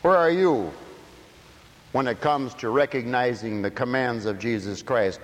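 A man preaching a sermon emphatically, dropping to quiet asides and rising to shouts. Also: medium pitch, measured pace. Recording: echoey hall.

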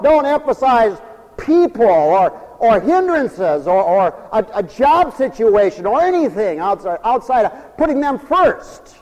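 A man delivers a folksy radio sermon, mixing quips with exhortation. His voice sits very high and swoops widely in pitch, and a long reverb trails behind his words. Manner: folksy, animated preaching with quips. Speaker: preacher.

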